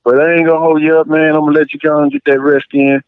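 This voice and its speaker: Animated male caller on a phone line. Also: on the high side, fast talker, clean tone, dry recording. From Champaign, Illinois area. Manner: animated storyteller, emphatic. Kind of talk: casual call-in chat. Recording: tinny dry phone line.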